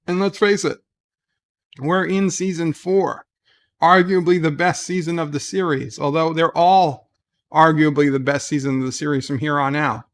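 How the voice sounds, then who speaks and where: A man with a somewhat higher voice hosts a relaxed livestream and reads viewers' chat messages aloud. He talks in a rambling, chatty way, full of "uh"s and restarts, and responds to each comment as he goes. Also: moderate pace. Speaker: livestream host. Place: at home in bed.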